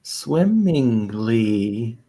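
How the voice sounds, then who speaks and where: A man's voice: medium pitch, very animated, drawn-out words, mellow. A man playing a tabletop game, speaking in a dry, wry way. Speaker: player. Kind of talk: casual tabletop play.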